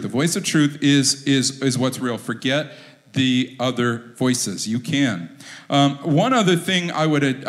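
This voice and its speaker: A middle-aged man preaching a sermon as pastor, joking and quizzing the congregation. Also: mid-range voice.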